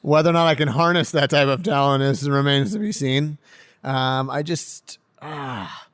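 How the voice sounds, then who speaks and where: A man, a professional hockey player, telling stories in a casual podcast interview, laughing often and getting loud when excited. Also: medium pitch, normal speed. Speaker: pro hockey defenseman guest.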